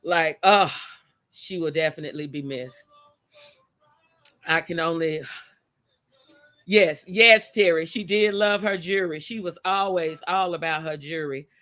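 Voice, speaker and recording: A woman's voice: deep voice, a little slow, long pauses, fairly bright tone. A woman hosting a casual livestream chat outdoors, talking with feeling and greeting viewers by name. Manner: emotional. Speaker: host of a live chat show. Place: outdoors by a motion-sensor light.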